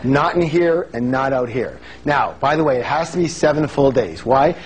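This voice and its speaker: A man giving a lively motivational seminar talk, calling on the audience to answer and acting out the voices he quotes. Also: mid-range voice, normal speed, poor audio. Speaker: seminar speaker. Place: large seminar hall with an audience.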